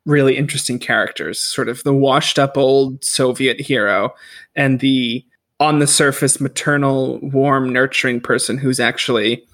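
A man with a middle-range voice criticizes film casting and characters in a relaxed podcast conversation. He is opinionated and animated, and quick to call something terrible. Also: mid-range voice. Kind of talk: casual movie review chat.

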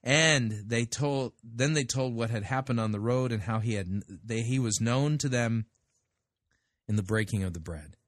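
A man's voice: mid-range voice, normal speed, no room sound, studio quality. A man hosting a show, giving blunt, sarcastic commentary on a sermon. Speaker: podcast host critiquing sermons. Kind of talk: casual commentary.

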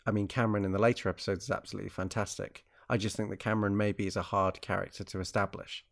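Gravelly low-voiced man chatting. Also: little pitch movement, fast. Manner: rambling, many restarts and fillers. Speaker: podcast co-host. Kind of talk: casual chat about a TV show.

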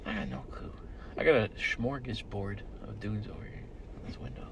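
A young man co-hosting a casual podcast, rambling through stories, swearing often and shouting the lines he quotes. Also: medium pitch, fairly quick, vocal fry, background noise. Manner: rambling storyteller, swears a lot, loud bursts when quoting. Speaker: podcast co-host. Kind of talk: casual chat. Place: in a car with friends.

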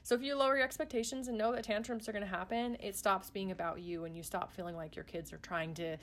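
A chatty woman talking in an earnest, relaxed way, with plenty of "um"s and false starts. Her pitch sits in the middle for a woman. She sounds like a parent sharing tips in a casual conversation. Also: quick pace. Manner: chatty, earnest, many fillers and restarts. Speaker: parent guest on a podcast. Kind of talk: casual chat.

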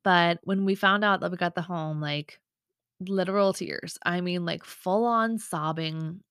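A woman's voice: on the low side, unhurried, fairly bright tone, clear, resonant tone, no room sound, clean studio sound. A woman in her thirties hosting a podcast, telling a story in a chatty, emotional way with lots of fillers and asides. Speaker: podcast host. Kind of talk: casual storytelling chat.

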